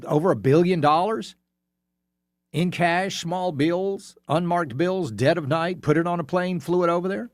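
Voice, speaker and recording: Sarcastic, lively talk radio host. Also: male voice, fairly high pitch, no echo, studio quality. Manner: sarcastic, emphatic, storytelling. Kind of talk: political talk radio commentary. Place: radio studio. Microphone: studio microphone.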